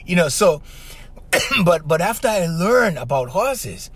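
A middle-aged man, hosting a podcast in a casual monologue. He tells stories in an animated way, keeps checking in with "right?", and has the strong voice of a trained singer. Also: sits high, slow pace, husky. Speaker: podcast host.

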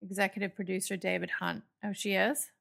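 A woman on a comedy podcast reading out news stories and tossing in sarcastic asides. Her voice has a heavy, gravelly fry throughout. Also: medium pitch, flat delivery, fairly quick, a bit bright. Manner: wry, sarcastic. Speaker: podcast co-host.

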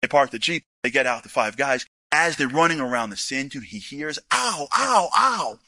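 A man telling a story to an audience, animated, acting out dialogue with casual asides. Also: mid-range voice, a little fast, no echo. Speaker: speaker. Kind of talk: storytelling talk.

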